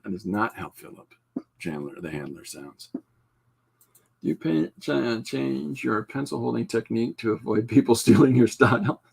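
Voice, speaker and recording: A man's voice: mid-range voice, expressive, moderate pace, vocal fry, a little mellow, slightly rough. A man hosting a podcast, chatting casually while he draws, rambling with dry, self-deprecating humor. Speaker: podcast host and comic artist.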